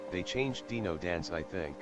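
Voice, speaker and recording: A man's voice: sits low, lively intonation, normal speed. A man streamer chatting casually and playfully, reading chat aloud and joking. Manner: playful, jokey, sing-song repeating. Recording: clear music playing behind.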